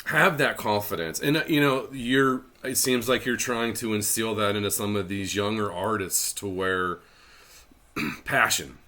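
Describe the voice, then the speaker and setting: A middle-aged man from Northeast Ohio hosts a casual interview, relaxed, chatty and quick to crack a joke. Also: on the low side. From Northeast Ohio, United States. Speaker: interview host.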